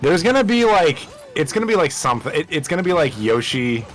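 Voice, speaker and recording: A man's voice: fairly high pitch, very animated, fairly quick, a bit bright, faint music behind. Chatty man gaming with a friend. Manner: chatty, hesitant, with restarts. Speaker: streamer's friend. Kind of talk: casual gaming stream banter.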